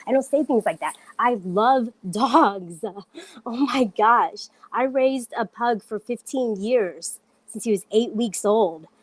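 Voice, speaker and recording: Woman ranting on her live, kinda high voice, dry close sound, defensive and insistent. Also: slow pace, no echo. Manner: indignant, defensive, emphatic. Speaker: livestreamer. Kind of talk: casual livestream talk.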